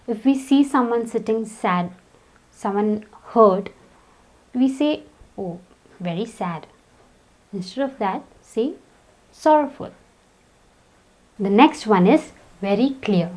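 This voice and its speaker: A woman teaching an English vocabulary lesson, speaking in a slow, deliberate, careful way. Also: fairly high pitch, darkish tone, rough recording.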